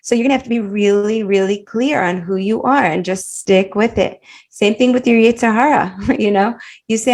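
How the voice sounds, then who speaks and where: A woman coach teaching a live online class over a video call, animated and warm, laughing often as she encourages her students. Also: medium pitch, moderate pace. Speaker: women's life coach and teacher.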